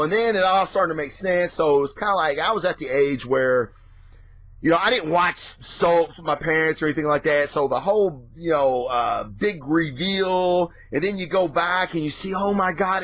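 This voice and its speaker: A man hosting his own show, ranting casually and excitably with lots of swearing. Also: moderate pace. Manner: profane, excitable, mimics reactions in a high voice. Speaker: podcast host.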